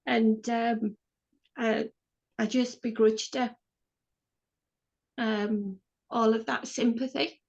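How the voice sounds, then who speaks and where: A woman on a video call, sharing something personal in a hesitant, halting way. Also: on the high side, creaky. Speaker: retreat participant. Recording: muffled lo-fi audio.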